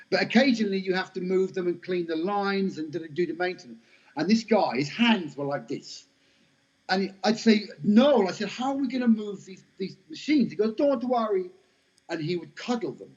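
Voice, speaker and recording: A middle-aged man, telling lively, self-mocking stories as an interview guest. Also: sits high. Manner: animated, anecdotal, self-mocking. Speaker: guest actor. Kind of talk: casual storytelling interview. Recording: dull lo-fi podcast audio.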